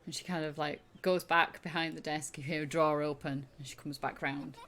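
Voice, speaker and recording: A woman's voice: deep voice, fairly even intonation, a little fast, fairly bright tone, a little hiss or hum. A woman narrating as game master of a tabletop game, casual and full of fillers.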